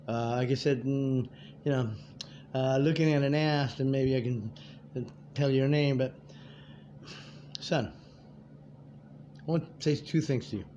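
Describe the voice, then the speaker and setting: A man in his fifties, a vlogger speaking to his viewers, gives a rambling, profane, streetwise monologue in a medium-pitched, darkish voice. The audio is dull and lo-fi with faint background noise.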